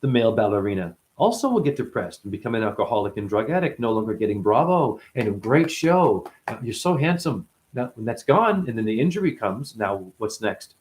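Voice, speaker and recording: Animated, swearing man rambling freely. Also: fairly low pitch, fairly quick, few pauses. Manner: profane, playful, acts out voices of others. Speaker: spiritual teacher. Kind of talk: rambling spoken monologue.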